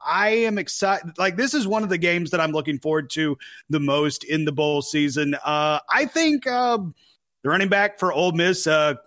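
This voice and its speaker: A man's voice: fairly high pitch, normal speed, fairly bright tone. A man co-hosting a casual sports podcast, teasing his co-hosts and rambling through his picks. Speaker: podcast co-host.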